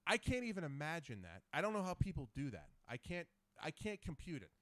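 Male podcast host, higher pitch, very lively delivery, dry close sound. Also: fairly quick, dry recording. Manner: animated storyteller. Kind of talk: casual chat.

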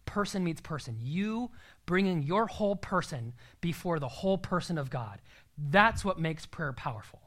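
A man's voice: high-pitched, a bit bright. A young man preaching a sermon in an earnest, emphatic way, sometimes dropping to a near-whisper.

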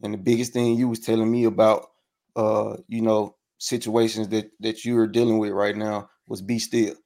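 A male podcast host with a low, gravelly, mellow voice. He talks flatly and haltingly, in relaxed conversation. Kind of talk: casual chat.

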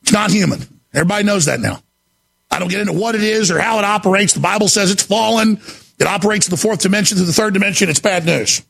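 Man, frantic radio host monologue, raspy husky voice, shouts often. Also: high voice, fast. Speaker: radio talk show host. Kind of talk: impassioned on-air monologue.

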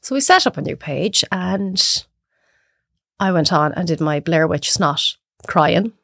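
An Irish woman chatting as a podcast guest, telling lively stories and acting out her own reactions. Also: lowish voice, measured pace, gravelly, dry recording, studio quality. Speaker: guest cook. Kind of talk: casual chat.

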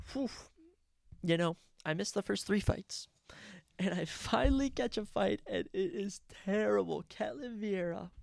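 Male podcast host, casual and opinionated, keeps correcting himself, slight fry in the voice. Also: sits high, no room sound, clean studio sound. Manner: rambling, opinionated, self-correcting. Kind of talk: casual solo sports recap.

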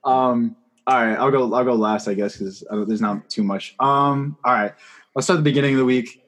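A young man co-hosts a podcast, rambling through stories in casual chat packed with "like" and "right?". His voice is medium in pitch, a bit bright, and fairly quick.

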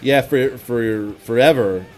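A man co-hosting a podcast, talking in a casual, animated and teasing way. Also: slow pace. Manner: animated, teasing, jumps into high put-on voices. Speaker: podcast co-host. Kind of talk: casual chat.

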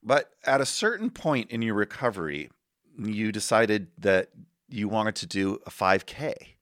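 A man hosting an interview, prompting his guest with measured questions. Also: on the low side, lively intonation, fairly bright tone, no echo, studio quality. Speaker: interviewer host.

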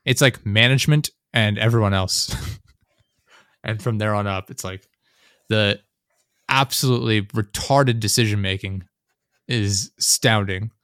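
A young man chatting casually, rambling and sarcastic, often mimicking people in high mocking voices. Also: measured pace, pauses often, fairly bright tone, clear, resonant tone, dry recording, clean studio sound. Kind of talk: casual chat.

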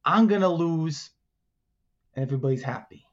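A man's voice: on the high side, normal speed, muffled recording, voice pushed up, natural voice. A man voicing a scheming, hammy alligator boss with glasses. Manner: sly, hammy villain bluster.

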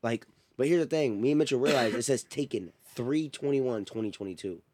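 A young man telling a story in casual chat, animated and laughing often as he goes. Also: medium pitch, a little fast. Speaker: podcast host.

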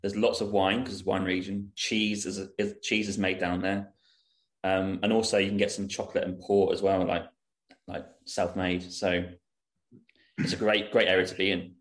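Deep-voiced man hosting a chatty podcast. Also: normal speed. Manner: relaxed, chatty, with frequent "like" and "um". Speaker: podcast host. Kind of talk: casual interview chat.

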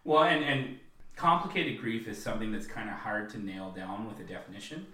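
A man co-hosting a podcast, chatting casually and acting out film lines in a high voice. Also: fairly quick, pushed and bright. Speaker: podcast co-host. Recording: roomy, distant mic.

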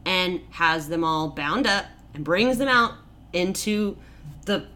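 A woman with a lowish voice takes her time co-hosting a podcast as she retells a fairy tale comedically. She's animated and casual, swearing a lot and leaning on "like" and "basically."

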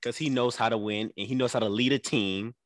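A man's voice: medium pitch, steady tone, a little fast. A man co-hosting a sports podcast, bantering in casual talk and often laughing. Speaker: podcast co-host.

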